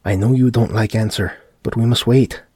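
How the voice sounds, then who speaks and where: A man voicing a frightened uncle and father who speaks in a hushed voice with broken English in a dark audiobook story. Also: mid-range voice, steady tone, moderate pace, husky, no room sound, clean studio sound, close to an everyday voice. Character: shaken older uncle, protective husband and father.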